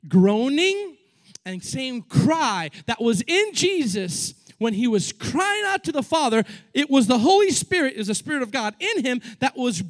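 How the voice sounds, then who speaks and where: A middle-aged man preaching a sermon, animated, acting out scripture scenes in casual slang. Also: extremely high pitch, a little slow. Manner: animated, acts out biblical dialogue in casual slang.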